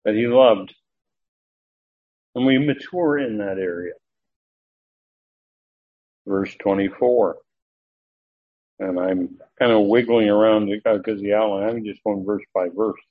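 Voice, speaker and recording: Husky-voiced preacher on a tinny line. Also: male voice, on the low side, slow, pauses often. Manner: earnest, emphatic, with frequent restarts and filler sounds. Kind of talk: verse-by-verse sermon. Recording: narrow, tinny phone-like sound.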